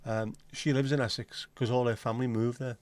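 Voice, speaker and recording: A man's voice: mid-range voice, level tone, fairly quick, a little mellow, dry recording. A man hosting a casual livestream chat, rambling and joking with frequent swearing. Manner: rambling, jokey and sweary, slips into silly voices. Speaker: livestream host.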